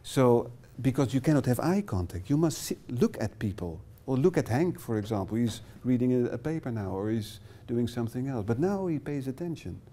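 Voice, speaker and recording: A man's voice: mid-range voice, sing-song, a little fast, few pauses, dark tone. Dutch-accented man leading a workshop. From Netherlands. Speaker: workshop trainer. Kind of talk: live workshop presentation. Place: small classroom.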